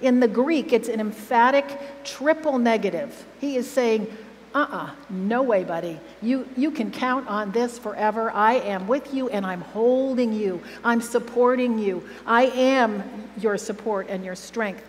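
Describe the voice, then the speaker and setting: A woman preaches in an emphatic, earnest way, her voice fairly high and her pace unhurried, putting questions to the congregation. The sermon was captured in a church hall, with echo and a faint hum in the background.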